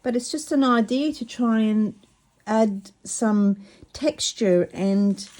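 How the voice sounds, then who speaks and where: Woman, mellow voice, chatty and excitable, trips over words, crafting at home. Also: on the high side, slow pace. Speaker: craft vlogger. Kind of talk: casual craft demonstration.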